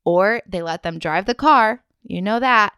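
A woman's voice: mid-range voice, measured pace, bright, forceful tone, clean tone, no echo, studio quality. A woman hosting a faith-based wellness podcast, speaking earnestly and heartfelt, straight to her listener. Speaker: podcast host.

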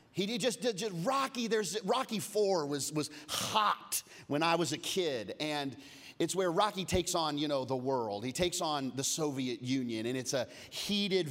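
A man in his forties preaching a sermon as a pastor, telling lively, humorous stories that swing between loud bursts and low, hushed moments. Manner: lively storytelling, humorous asides. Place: church auditorium. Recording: long reverb of a large hall.

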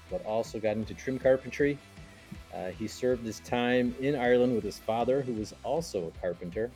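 Mellow-voiced male podcast host. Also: medium pitch. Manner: upbeat announcer-like intro. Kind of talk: podcast intro and casual chat.

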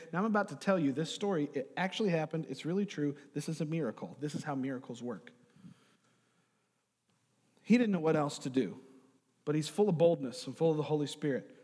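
A man preaching a sermon, telling a story and moving between quiet, hushed asides and loud, emphatic bursts. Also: fairly high pitch, animated, fairly quick. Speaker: pastor. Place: church sanctuary. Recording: long reverb of a large hall.

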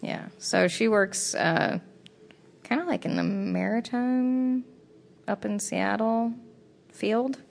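A young woman co-hosting a casual podcast, telling travel stories with lively quoted dialogue and frequent swearing. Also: on the high side, takes it slowly, gravelly. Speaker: podcast co-host. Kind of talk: casual chat.

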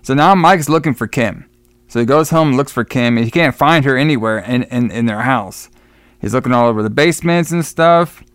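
A man's voice: mid-range voice, moderate pace, fairly bright tone, smooth, no room sound. Man rambling through a film recap. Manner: rambling, repeats and restarts words while recounting scenes. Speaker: podcast co-host reviewing a horror film. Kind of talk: casual plot recap.

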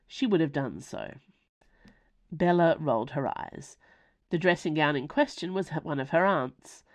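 A woman reading her own novella aloud in expressive, lively scripted narration. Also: low-pitched.

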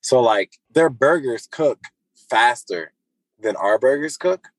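A man's voice: mid-range voice, lively intonation, slow pace, no room sound, low-quality recording. A man co-hosting a podcast over his phone, talking in a laid-back way and swearing freely. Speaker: podcast co-host. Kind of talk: casual podcast chat.

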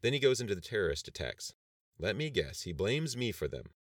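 A man's voice: fairly low pitch, sing-song, fairly quick, no room sound, clean studio sound, voice pushed up. A man voicing an angry, sarcastic woman president in an audiobook, rising into indignant outbursts. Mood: outraged.

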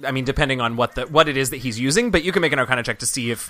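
A man as game master narrating a tabletop game, relaxed and hedging with sort of and like. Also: mid-range voice, racing, dry recording.

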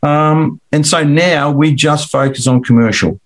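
Middle-aged Australian man, rambling storyteller, slightly high-pitched, relaxed interview guest. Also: unhurried. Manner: rambling, repeats words, acts out quoted dialogue. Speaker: commercial finance broker guest.

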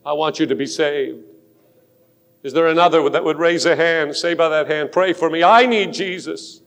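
A pastor making an urgent, pleading altar call during a sermon in a large church sanctuary. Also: male voice, a little high, steady tone, normal speed, gravelly, fairly bright tone. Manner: pleading and urgent, rising to fervent force. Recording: long hall reverb of a church.

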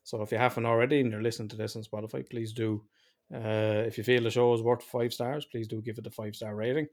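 A man's voice: medium pitch, flat delivery, fast, a little mellow. An Irish man co-hosting a podcast, chatting loosely and swearing freely. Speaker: podcast co-host. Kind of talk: casual podcast chat.

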